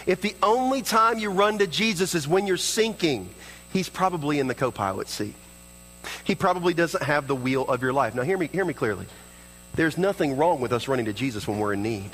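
A man's voice: animated, a little fast, fairly bright tone, big-room sound, a little hiss or hum, low-quality recording. A man preaching a sermon as pastor, earnest, acting out prayers and dialogue in his own voice. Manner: earnest, acts out prayers and dialogue in shifting pitch.

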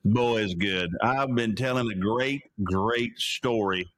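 A man hosting his own show, retelling Bible stories in an animated, casual preaching style. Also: fairly low pitch, takes it slowly. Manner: animated storyteller, laughing asides. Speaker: host.

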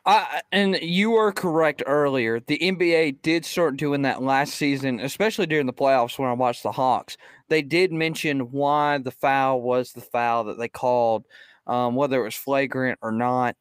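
Hesitant, stammering sports podcast host. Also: male voice, medium pitch, normal speed, clear, resonant tone, dry recording. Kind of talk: casual sports chat.

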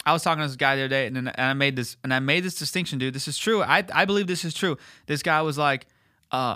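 A young man with a bright, forceful voice talks loosely and crudely, swearing as he tells a story. He slips into other people's voices for effect. The sound is dry and close, with almost no room. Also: fairly high pitch, fast, dry recording. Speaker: podcast host. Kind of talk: casual storytelling chat.

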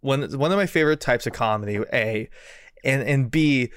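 A man's voice: medium pitch, moderate pace, a bit bright, clean tone, no room sound. A man hosting a casual podcast chat, rambling with lots of fillers and swearing. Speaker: podcast host.

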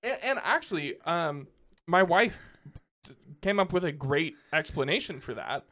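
A man's voice: fairly high pitch, normal speed. A young man co-hosting a podcast, chatting casually about a movie and ranting with exasperation. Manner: animated, exasperated ranting with rising laughs. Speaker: podcast co-host. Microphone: podcast microphone.

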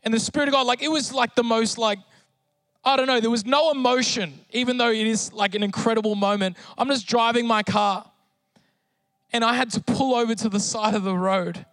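A man's voice: extremely high pitch, steady tone, brisk, fairly bright tone, dry recording, faint music behind. A man preaching a sermon with emotional testimony, pleading and impassioned as he leads prayer in church. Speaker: pastor.

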